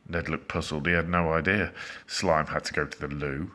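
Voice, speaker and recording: A man reading a children's storybook aloud, expressive, with dramatic pauses. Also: rumbling low.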